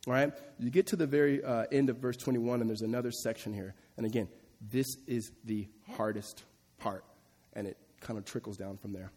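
A man's voice: fairly even intonation, fairly quick, darkish tone, slightly rough. A man preaching an expository sermon, reading scripture and explaining it in a conversational way that grows emphatic. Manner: conversational, turning emphatic and rising in pitch and volume. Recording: long hall reverb.

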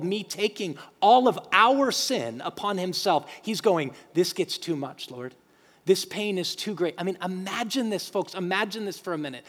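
A man preaching a sermon as pastor, emphatic and animated, quoting scripture in acted voices. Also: high-pitched. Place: church sanctuary. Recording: long hall reverb.

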